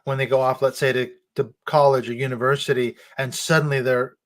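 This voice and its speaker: A middle-aged man, a guest author, talking casually and telling animated stories about his upbringing, laughing now and then. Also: medium pitch, fairly quick. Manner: animated storytelling with frequent laughs. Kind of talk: casual conversation.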